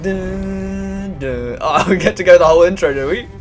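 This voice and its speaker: A young man chatting excitably and swearing casually while playing through a video game. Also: sits high, rapid-fire, music in the background. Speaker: gaming video host. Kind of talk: let's play commentary.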